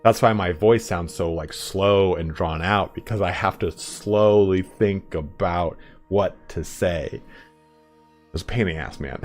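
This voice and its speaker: A young man hosting a casual game live stream in a somewhat low voice. He rambles from point to point, swears freely and fills gaps with "like" and "um.". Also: fairly even intonation, moderate pace, soft background music. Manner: rambling, chatty, swearing freely, filler words.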